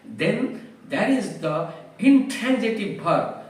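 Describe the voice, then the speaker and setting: A man teaching English vocabulary at a slow, deliberate pace, his high voice rising and falling widely. He explains each word with careful examples. He sits far from the mic in a strongly echoing room. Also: lively intonation.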